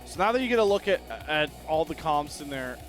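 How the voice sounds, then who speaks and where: A man giving excitable play-by-play commentary on an esports match. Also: fairly high pitch, faint music behind. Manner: excitable, quick shifts in energy. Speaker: esports caster.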